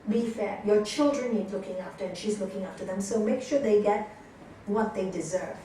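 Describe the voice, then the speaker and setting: In her teaching room, a yoga teacher tells stories to her class at normal speed in a medium-pitched voice, animatedly acting out the people she quotes. The recording picks her up from a distance in an echoey space and carries a slight hiss or hum.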